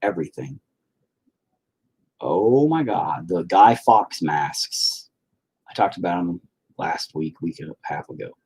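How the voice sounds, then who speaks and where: Profane rambling husky-voiced man. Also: deep voice, expressive, slow pace, pauses often, darkish tone. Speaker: livestreamer painting while chatting. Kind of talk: casual stream chat. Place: home, indoors.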